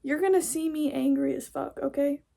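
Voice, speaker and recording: A young woman from the United States venting into her podcast in a blunt, profane monologue. Her voice sits high but has a gravelly fry running through it. She sounds fed up. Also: steady tone, normal speed, dark tone. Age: young adult. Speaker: podcast host. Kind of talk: casual ranting monologue.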